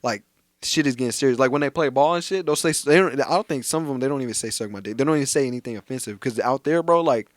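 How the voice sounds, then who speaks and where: A man's voice: medium pitch, fast, dry recording. A young man from Texas, co-hosting a podcast, telling loose, profane stories in casual chat. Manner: loose, profane storytelling with put-on voices. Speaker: podcast co-host.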